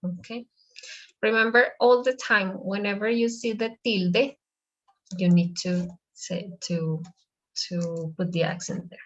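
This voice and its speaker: A woman's voice: mid-range voice, steady tone. A woman teaching over a video call, taking her time and spelling out each point with patience. Her voice comes through dull and lo-fi, as online class audio does. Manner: slow, patient explanations mixing two languages. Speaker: Spanish teacher.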